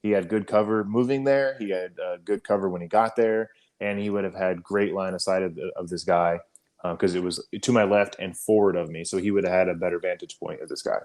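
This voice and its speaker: A man's voice: sits low, steady tone, a little fast, a little mellow. A man on a podcast telling an army story in a casual, profane way, full of fillers and restarts. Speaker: podcast co-host, army veteran.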